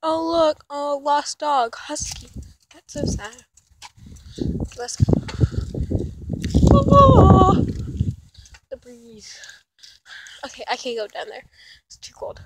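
Woman as an excitable vlogger, high voice, unhurried, outdoors with heavy background noise. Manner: excitable, keeps exclaiming. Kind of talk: casual vlog chatter. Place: outdoors in the cold.

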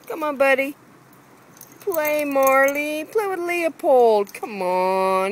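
A woman's voice: high-pitched, animated, slow, slight background noise. A woman filming her dogs in a backyard on a handheld camera, calling and coaxing them in a sing-song voice. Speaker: dog owner filming her pets. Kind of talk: casual home video narration. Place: backyard outdoors by a fence.

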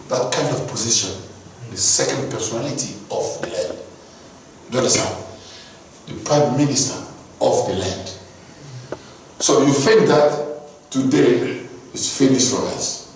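Preacher in a very echoey hall. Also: male voice, mid-range voice, slight background noise. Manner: animated, repeatedly asking the congregation "do you understand?". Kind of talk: sermon storytelling. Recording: very echoey hall, heard from a distance.

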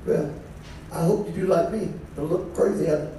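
High-pitched man, bishop preaching conversationally, very echoey hall, distant mic. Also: sing-song, normal speed, a little mellow, a little hiss or hum. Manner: conversational preaching with call-and-response. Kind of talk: sermon. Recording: echoey church from far off.

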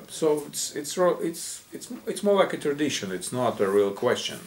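A man whose first language is Russian tells a story in a casual spoken English lesson, talking with many ums, pauses and restarts. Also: on the low side, sing-song. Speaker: English teacher.

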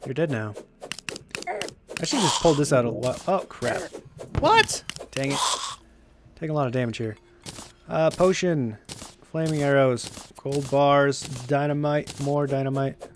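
A young man doing let's play commentary, excitable and given to shouting at enemies in frustration. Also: medium pitch, a little slow, pauses often, background noise. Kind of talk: gameplay commentary.

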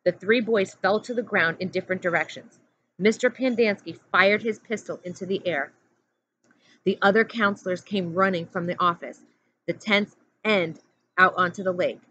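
A woman teacher reading a chapter book aloud in a steady, plain narrating voice. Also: medium pitch, moderate pace. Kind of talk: storybook read-aloud. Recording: dull lo-fi audio with faint hum.

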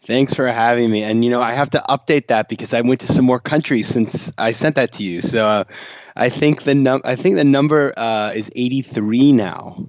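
A man's voice: medium pitch, moderate pace, no room sound, muffled recording. A man talking as a guest on an interview podcast, chatty and self-deprecating, laughing easily. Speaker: guest author and investor. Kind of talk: interview conversation.

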